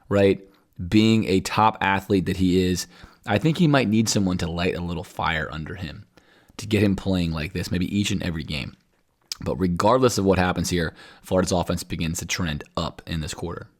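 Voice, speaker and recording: A man hosting a podcast, talking viewers through football game film in a conversational, analytical way. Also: deep voice. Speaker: podcast host.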